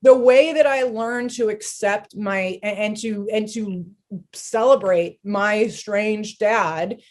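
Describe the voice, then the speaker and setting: A woman speaking as a podcast guest in a casual interview chat, animated and blunt, swearing freely. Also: mid-range voice, slow pace.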